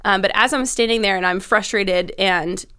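A young adult woman recounting a chaotic day at work as a casual anecdote. She talks in a natural mid-range voice, animated and self-deprecating, and slips into the voices of the people she quotes. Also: medium pitch, moderate pace, smooth. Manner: animated, self-mocking storyteller who acts out quoted lines. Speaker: trade show event staff member.

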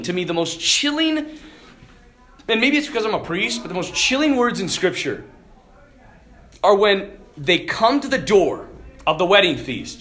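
A priest delivers a loose, joking retreat talk in a high, lively male voice that swings up and down. He laughs often and keeps a bright, cutting edge as he preaches. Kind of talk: informal sermon.

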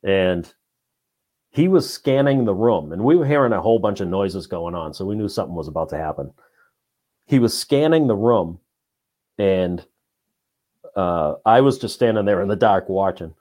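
Podcast guest, man, lowish lively voice, easygoing storyteller. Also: moderate pace, long pauses. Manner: relaxed storyteller, many fillers like "you know". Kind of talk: casual chat, telling a ghost story.

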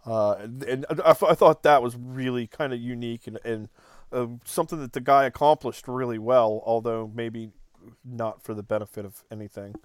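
A man co-hosting a podcast, chatting casually about a film, animated and acting out quotes with lots of "like". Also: medium pitch, normal speed, dry recording, studio quality. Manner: animated, acts out quotes, frequent "like". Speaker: podcast co-host.

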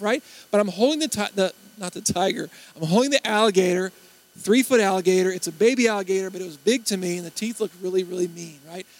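High-voiced preacher telling stories. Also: male voice, low-quality recording. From Baton Rouge, Louisiana. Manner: animated storytelling, acts out quotes. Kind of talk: sermon.

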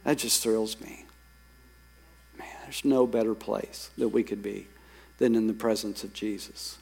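A man preaching a sermon as pastor, lively, reading scripture and telling stories to his congregation. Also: lowish voice, measured pace, vocal fry, husky. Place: church sanctuary. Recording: long hall reverb.

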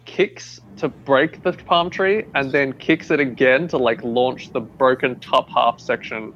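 A man's voice: medium pitch, a little slow, a bit bright, muffled recording, a little hiss or hum. A man playing a tabletop game, casually describing his character's moves with lots of fillers. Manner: casual, rambling with many "like"s. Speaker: player.

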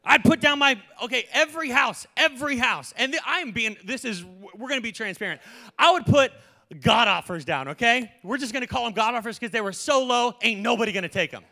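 A young man preaching a sermon in a joking, animated way, often laughing. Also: very high-pitched, brisk, vocal fry. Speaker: pastor.

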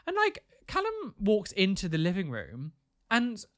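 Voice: mid-range voice, unhurried. A speaker, telling a story as a podcast co-host in casual chat and acting out what people said. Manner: animated, acts out quotes with big shifts.

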